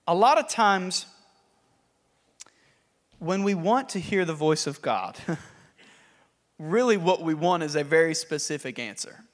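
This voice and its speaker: Male pastor, lively sermon delivery, high voice, hall reverb. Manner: animated, laughing, acts out scripture.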